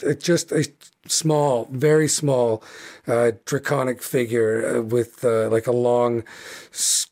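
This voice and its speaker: A man's voice: medium pitch, little pitch movement, takes it slowly, darkish tone. A man narrating as game master, rambling with many fillers and restarts.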